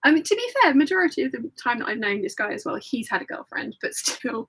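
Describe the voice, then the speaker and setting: A woman's voice: on the high side, very animated, fast talker, few pauses, a bit bright, breathy edge, poor audio. A middle-aged woman hosting a casual live-stream chat, telling funny stories and laughing often. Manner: chatty storytelling, laughs often. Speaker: host.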